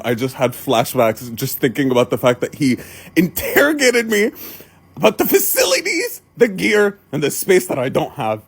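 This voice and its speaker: Lively, husky woman telling a story. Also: low voice, brisk. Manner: animated, acts out both sides of a phone call. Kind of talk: storytime vlog.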